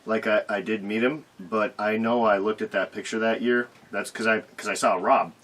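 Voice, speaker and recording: A man with a low voice co-hosting a relaxed beer chat. He talks in a laid-back way and teases dryly. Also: normal speed. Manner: wry, teasing, laid-back. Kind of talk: casual chat.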